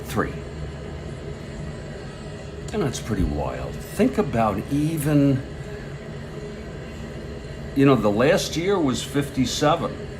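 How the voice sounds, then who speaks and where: A man calls a tabletop baseball replay in a relaxed, chatty way, drifting into asides between pitches. He talks slowly, but his voice swings widely in pitch and jumps up with excitement on a big play. A faint hiss of noise sits under his voice. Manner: rambling and easygoing, bursting into excitement on big plays.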